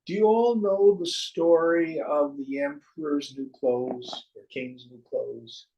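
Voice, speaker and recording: A man's voice: fairly high pitch, slow pace, creaky, warm tone, muffled recording, a little hiss or hum. A man teaching a class on spiritual verses, telling stories in a wry, joking way.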